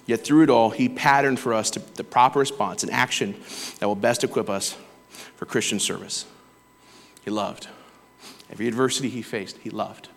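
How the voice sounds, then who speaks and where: A man's voice: lowish voice, moderate pace, creaky, pauses often. A man preaching a conversational sermon in a church, earnest and personal, with stories from his workday. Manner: earnest, conversational, with quoted voices and laughter. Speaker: lay preacher. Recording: long hall reverb.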